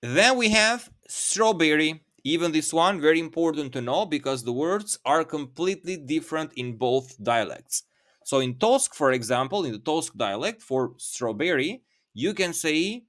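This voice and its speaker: A man's voice: on the high side, lively intonation, measured pace, a bit bright. A man teaching a vocabulary lesson, speaking patiently and repeating each word several times. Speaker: Albanian language teacher.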